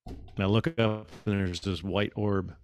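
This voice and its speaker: A man chatting casually on a podcast, telling animated stories and acting out what people said. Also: on the low side, unhurried, clean tone, dry recording. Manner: animated storyteller, acts out quotes. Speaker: podcast guest. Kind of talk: casual chat.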